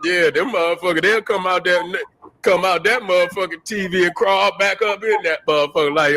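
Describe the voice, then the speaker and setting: A man's voice: high-pitched, brisk, pushed and bright, rough recording. A man hosting a show, ranting in a profane, joking, trash-talking way and laughing at his own jokes. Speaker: podcast host. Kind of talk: casual commentary rant.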